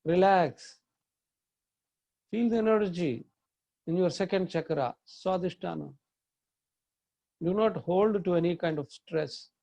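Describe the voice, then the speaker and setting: Man, meditation teacher, high mellow voice, calm slow breathing cues, dry close sound. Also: vocal fry, dry recording. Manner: slow calm instructions, chants mantras in long tones. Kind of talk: guided chakra meditation.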